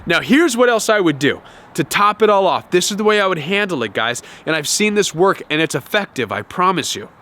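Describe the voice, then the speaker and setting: A man hosting a self-help talk to camera, animated, often acting out quoted voices and repeating words. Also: sits high, brisk. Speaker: self-help video host.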